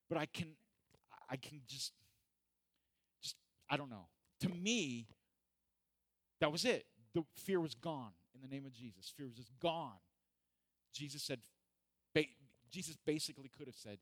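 This fairly high-pitched man speaks at a normal pace in a dry recording, giving a laid-back, humorous sermon in a church hall. As a pastor, he brings the story's characters to life by performing their voices with lots of energy.

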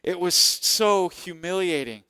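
Male preacher, slightly high smooth voice, lively candid storyteller, dry close sound. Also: a little slow, dry recording. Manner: animated, acts out quoted voices; self-deprecating, candid. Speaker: preacher sharing testimony. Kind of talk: sermon storytelling.

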